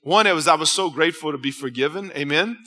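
Male pastor, casual storytelling sermon, tense bright tone, reverberant church hall. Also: a little high, fast talker. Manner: conversational preaching, storytelling with restarts.

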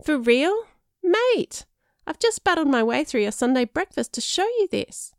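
A woman's voice: high voice, very animated, measured pace, creaky, dry recording, studio quality, voice pushed up, heavily acted. A woman voicing a sparky, mischievous teenage girl with a playful, teasing way of talking.

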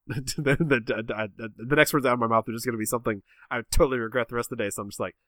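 A man's voice: medium pitch, fairly even intonation, fast, fairly bright tone, no echo. A man chatting casually, rambling and self-mocking as he tells a story about himself. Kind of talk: casual chat, telling a story.

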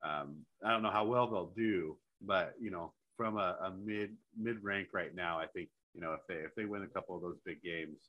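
A man's voice: deep voice, normal speed, hardly any pauses, highs cut off. A man co-hosting a podcast, chatting casually about football, rambling and laughing between points. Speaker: podcast co-host. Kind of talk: casual sports chat.

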